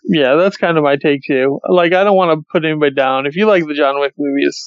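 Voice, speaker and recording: Laid-back man with a high voice. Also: fast, clean tone, no echo, muffled recording. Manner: laid-back, laughs easily, swears often. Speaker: podcast co-host. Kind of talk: casual movie review chat.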